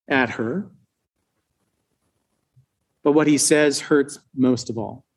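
A male preacher retelling a scripture story as a slow, dramatic sermon with long pauses. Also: fairly high pitch.

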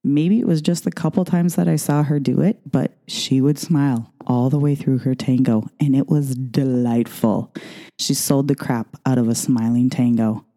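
A woman's voice: extremely low pitch, steady tone, moderate pace, mellow. A middle-aged woman, a ballroom dance coach, talking casually in a chatty, rambling way full of asides. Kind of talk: casual monologue.

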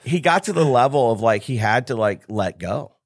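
A middle-aged man tells a story in a relaxed podcast chat, jumping into other people's voices as he quotes them. His voice sits in an ordinary middle register. The recording is close and dry, with no room sound behind it. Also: mid-range voice, normal speed, no room sound. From United States. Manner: animated storyteller acting out quoted dialogue. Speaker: business coach, podcast guest. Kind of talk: storytelling in casual conversation.

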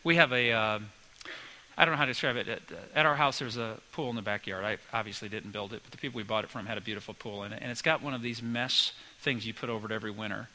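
Casting note: man in his 40s, pastor, sermon with everyday anecdotes, very bright tone, acts out the voices he quotes. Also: on the low side, fast, poor audio. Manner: conversational storytelling with lively quoted voices.

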